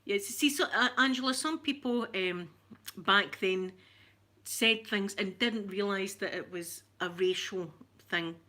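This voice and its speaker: A woman's voice: mid-range voice, a little slow, pushed and bright. A woman chatting casually with viewers on a stream, open and emotional about her feelings. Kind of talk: casual chat answering viewers.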